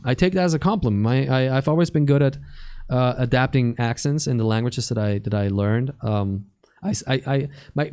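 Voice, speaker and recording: A man's voice: medium pitch, darkish tone, smooth. Casting: Swiss-born male streamer, blunt and profane, stumbles and restarts, casual commentary. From Switzerland. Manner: sweary, blunt, stammering restarts. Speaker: streamer reacting to clips.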